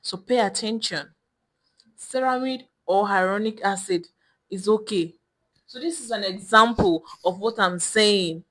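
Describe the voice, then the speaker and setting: A woman's voice: mid-range voice, measured pace, a bit bright. A young woman skincare vlogger speaking straight to camera, emphatic and lecturing, repeating her points with frequent restarts. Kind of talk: direct-to-camera skincare advice.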